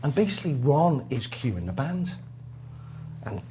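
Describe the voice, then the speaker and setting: A man from Liverpool with a Liverpool accent, a guest drummer telling a lively, self-mocking story in an interview. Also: medium pitch, measured pace, a little hiss or hum. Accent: Liverpool English. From Liverpool, England.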